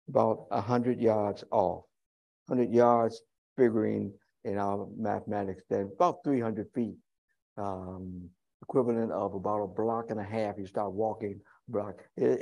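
Male pastor preaching, dark mellow voice, folksy and chatty, cracks little jokes to the folks. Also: fairly low pitch, vocal fry. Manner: folksy, conversational, humorous asides. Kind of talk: sermon.

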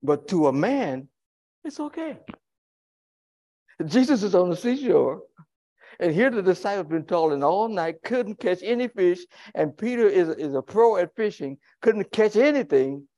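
A man's voice: sits high, animated, normal speed, dark tone, lo-fi sound. A male pastor preaching a sermon in a folksy, conversational way, with humorous asides to the congregation.

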